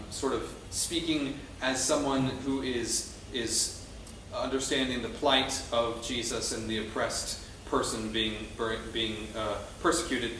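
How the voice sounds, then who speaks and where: Male choral conductor teaching a rehearsal, mid-pitched and measured, faint background noise. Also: fairly bright tone. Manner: explanatory, with frequent ums and restarts. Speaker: choir conductor. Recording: very echoey room, distant mic, faint noise.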